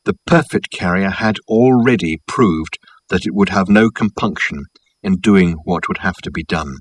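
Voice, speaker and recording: A man reading a novel aloud in a wry, measured storytelling voice, lightly voicing the characters. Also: deep voice, husky, dry recording, rough recording. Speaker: audiobook narrator. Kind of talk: scripted narration.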